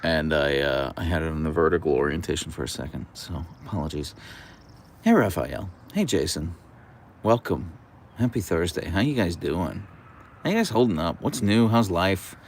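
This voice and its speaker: Gravelly low-voiced man chatting on a livestream. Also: animated, moderate pace, a little hiss or hum. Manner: chatty, reads out and answers viewer comments. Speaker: livestream host. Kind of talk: casual livestream chat. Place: outdoor deck. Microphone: camera on a tripod.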